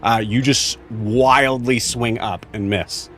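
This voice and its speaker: A man's voice: mid-range voice, fairly even intonation, a bit bright. Man, game master; laid-back, filler-heavy narration over faint music. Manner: casual, halting with many fillers.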